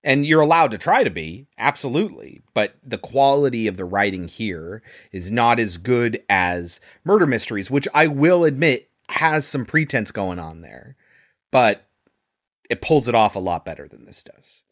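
A man co-hosting a casual film review podcast, measured and analytical, laughing easily as he picks apart a movie. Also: mid-range voice, sing-song, fairly bright tone. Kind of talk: casual critical chat.

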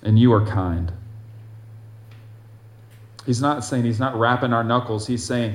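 Male preacher, mid-pitched, earnest sermon delivery, swings between bold scripture reading and quiet asides, roomy echo. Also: measured pace, pauses often.

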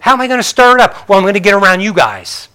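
An older man preaching a sermon in a conversational way, asking the congregation questions and swinging between loud bursts and soft, quiet passages. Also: high voice, sing-song, racing, smooth. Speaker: pastor.

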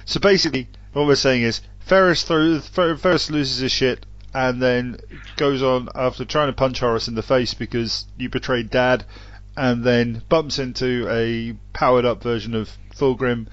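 A man's voice: medium pitch, a bit bright, no room sound. A man in casual chat, summarizing and cutting in to steer the talk, on dull lo-fi audio.

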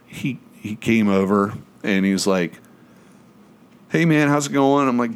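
A man's voice: fairly low pitch, normal speed, clean tone. A man, telling a long rambling story on a podcast, swearing freely and acting out what people said. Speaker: podcast host. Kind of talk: casual chat.

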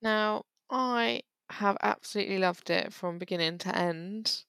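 A young woman, co-hosting a casual chat and gushing enthusiastically, quick to laugh. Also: medium pitch, fairly bright tone, smooth, dry recording. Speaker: podcast co-host.

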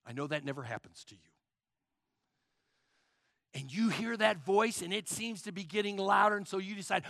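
A male pastor preaching a sermon, emphatic and full of rhetorical questions, often trailing off to a hush at the end of phrases. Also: sits high, moderate pace, gravelly, no echo, clean studio sound. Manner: asks the congregation rhetorical questions.

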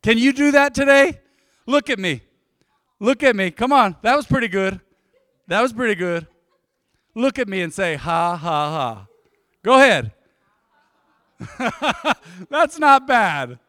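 A man in his forties preaching to a congregation, his voice high and bright as he tells stories and keeps asking the room to answer back. The sound is close and dry. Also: unhurried, long pauses, no echo. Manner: storytelling, calls out to the congregation. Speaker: pastor. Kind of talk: sermon.

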